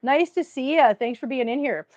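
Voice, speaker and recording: A woman's voice: high-pitched, moderate pace, dry recording, highs cut off. A woman with a Minnesotan accent hosting a casual livestream, chatting with viewers and telling stories. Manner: chatty, storytelling, greets viewers warmly. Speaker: livestream host.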